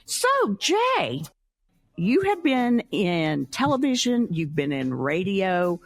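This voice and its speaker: A woman hosting an interview show, introducing her guest in a slow, chatty, expressive way. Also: on the low side. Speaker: host. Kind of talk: casual interview chat.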